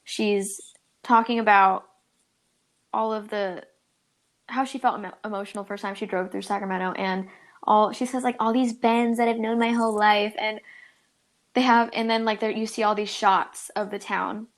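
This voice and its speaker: A woman's voice: mid-range voice, fairly even intonation, moderate pace, pauses often. A young woman from California co-hosting a podcast, rambling and laughing through casual chat, full of "like" and "dude.". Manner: giggly, rambling, lots of "like" and "dude". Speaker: podcast co-host.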